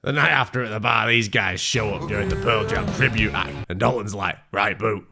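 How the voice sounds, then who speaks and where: A man, narrating a sweary, mocking movie recap in a deadpan way. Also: lowish voice, fairly quick, creaky, over music. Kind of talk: sarcastic comedic movie recap.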